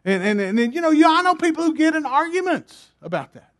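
High-voiced emphatic male preacher. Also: sing-song, fast, fairly bright tone. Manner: emphatic, repetitive, rhetorical questions to the congregation. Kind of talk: sermon.

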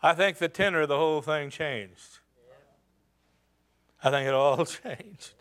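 A man's voice: a little high, a little slow, fairly bright tone. A man preaching a sermon, retelling a scripture story dramatically with rhetorical questions.

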